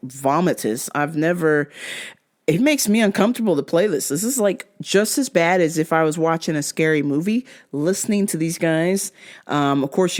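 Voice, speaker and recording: A woman hosting her own show, talking in a loose, animated monologue and swearing freely, with laughs between remarks. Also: low-pitched. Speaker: podcast host and DJ. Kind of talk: casual monologue.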